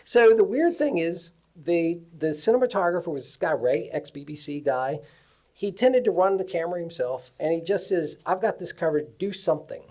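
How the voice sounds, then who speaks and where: A man on a cinematography panel, telling lively stories from his career at a live festival event. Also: on the high side, moderate pace. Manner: animated storyteller. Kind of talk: anecdotal panel talk.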